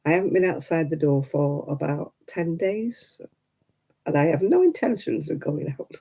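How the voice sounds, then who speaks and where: An older woman hosts a casual crafting livestream, rambling to her viewers and laughing often. Her voice is husky and warm, and her pitch swings widely as she chats. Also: lively intonation, normal speed. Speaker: livestream host. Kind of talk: casual live-chat crafting stream.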